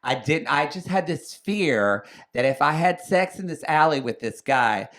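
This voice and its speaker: An animated man tells a story in a relaxed podcast chat. His pitch swings widely from low mutters to sudden high bursts. He slips into playful voices for the people in the tale. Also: unhurried. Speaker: podcast guest. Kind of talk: casual storytelling.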